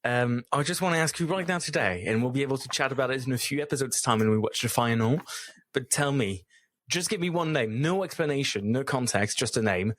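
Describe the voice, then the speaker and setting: A man's voice: medium pitch, a little fast, a bit bright, no room sound. A man hosting a casual podcast, steering the chat between guests in a friendly way. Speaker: podcast host.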